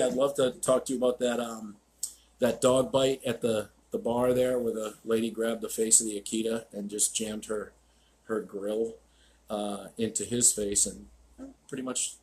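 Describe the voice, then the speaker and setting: A man's voice: mid-range voice, fairly even intonation, moderate pace, darkish tone. A man hosting a live stream as a dog trainer, telling stories bluntly with swearing and acted-out quotes. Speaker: dog trainer, show host. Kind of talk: casual live-stream chat.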